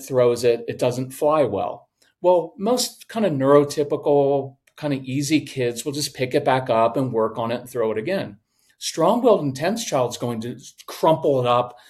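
Middle-aged man, podcast guest, animated storyteller who slips into voices. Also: mid-range voice. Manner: animated, acts out voices in anecdotes. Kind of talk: storytelling in a conversation.

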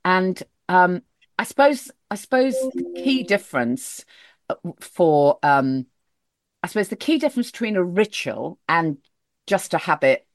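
A woman host with a very low voice that still swings widely in pitch. She thinks aloud with hesitant restarts, and the sound is close and dry. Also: very animated, a little slow, dry recording. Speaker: podcast host. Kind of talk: casual chat.

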